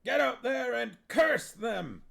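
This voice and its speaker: A stubby, theatrical dwarf drills his actors like soldiers, as a man voices him. He barks his lines high and slowly, dragging out every word. A gravelly rasp and a faintly distant sound hang on each command. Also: animated, full character voice. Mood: rousing. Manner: barking, drill-sergeant orders. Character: bossy theatrical dwarf director.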